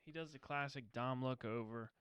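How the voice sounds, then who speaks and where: Wry male podcast co-host, smooth voice. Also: mid-range voice, moderate pace, a bit bright, dry recording. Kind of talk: casual movie-breakdown chat.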